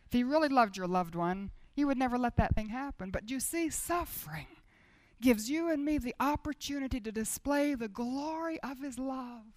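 A high-pitched woman delivers a sermon with fervent intensity. She pushes her voice up into loud, insistent appeals, then sinks into soft, near-whispered passages. The sound is dry and close, with no room around it. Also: moderate pace, dry recording. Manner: intense, swings between loud urging and hushed near-whispers. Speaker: speaker at a Christian women's gathering.

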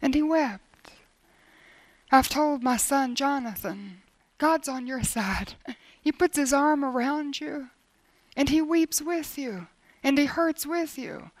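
Middle-aged woman preacher, high voice, dry close sound, earnest sermon delivery with hushed asides and repeated phrases. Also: slow, pauses often, dry recording. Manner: earnest, lively, varying between emphatic and hushed.

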